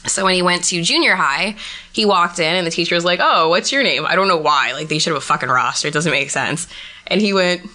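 Young woman swearing a lot, bright tense voice, low-ish, sarcastic. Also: lively intonation, brisk. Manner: blunt, profane and sarcastic. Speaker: guest. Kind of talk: casual chat.

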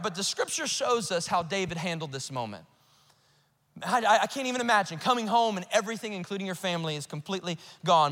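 A male pastor preaching a sermon, swinging between urgent outbursts and hushed, earnest asides. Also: fairly high pitch, in a large hall. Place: church auditorium.

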